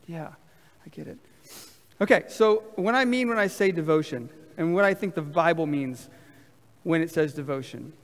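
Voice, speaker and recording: A man preaching a sermon to a congregation, lively and talking with the crowd. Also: fairly high pitch, normal speed. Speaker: pastor. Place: large church hall. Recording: reverberant church hall.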